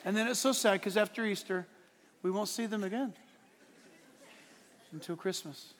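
A man preaches a sermon in an unusually high voice that rings out with long hall reverb. He swings from hushed asides to shouted points and laughs at his own lines, working a live church room. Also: normal speed, a faint crowd, a little hiss or hum. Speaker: pastor. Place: church sanctuary.

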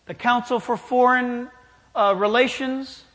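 A man's voice: very high-pitched, fairly even intonation, a little slow, a bit bright. A man preaching a sermon in an emphatic style, challenging his listeners directly. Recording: long hall reverb.

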